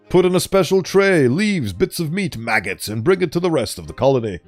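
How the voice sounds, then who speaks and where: A man's voice: on the high side, very animated, brisk, hardly any pauses, faint music behind. A man streaming a game, chatting playfully and telling a theatrical story. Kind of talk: casual game commentary.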